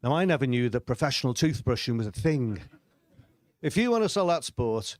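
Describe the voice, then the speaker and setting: A man's voice: mid-range voice, animated, fairly quick, dry recording. A middle-aged man telling stand-up stories on a comedy club stage, with a dry, self-deprecating delivery and frequent chuckles. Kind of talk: stand-up storytelling.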